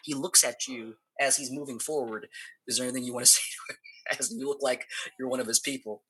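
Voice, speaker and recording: A man narrates a tabletop game as its game master, his voice bright and a little husky. He rambles through the action with plenty of fillers and restarts. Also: mid-range voice, steady tone, fast, low-quality recording.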